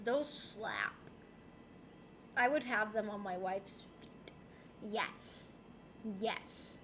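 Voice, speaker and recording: A woman's voice: mid-range voice, extremely slow, fairly bright tone, slight background noise. A young woman from Rico, chatting casually and playfully on a livestream as she reads and answers chat messages. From Puerto Rico. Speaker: streamer.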